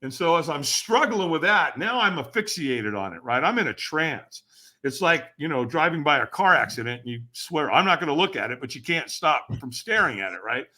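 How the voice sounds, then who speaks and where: A man who is a guest on a podcast, telling a story dramatically and acting out the voices and shouts of the people in it. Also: a little high, sing-song, normal speed. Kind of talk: animated storytelling.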